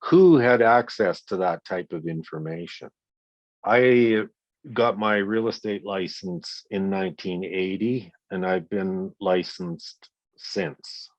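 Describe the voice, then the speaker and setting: A man's voice: sits low, takes it slowly, no room sound, highs cut off. A man in his sixties being interviewed, who tells his story bluntly and emphatically and swears often. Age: 60s. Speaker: guest, victim's father. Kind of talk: interview conversation.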